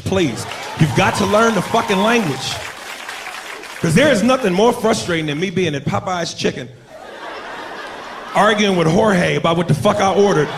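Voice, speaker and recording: A man doing a stand-up comedy set, telling stories in a loud, profane, animated way. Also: high voice. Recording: live club recording, crowd and noise.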